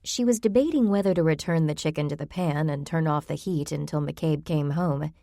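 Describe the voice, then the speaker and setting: A woman narrating a mystery novel in a calm, even storytelling manner. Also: sits low, fairly quick, vocal fry, no room sound, studio quality. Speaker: audiobook narrator. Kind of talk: scripted narration.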